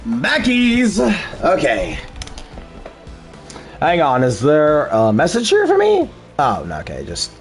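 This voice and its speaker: A chatty male streamer rambles through his game session, his fairly high voice swinging widely in pitch. Faint game music plays behind him. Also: wildly swooping pitch, slow, pauses often. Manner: chatty, rambling, easily sidetracked. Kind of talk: casual gameplay commentary.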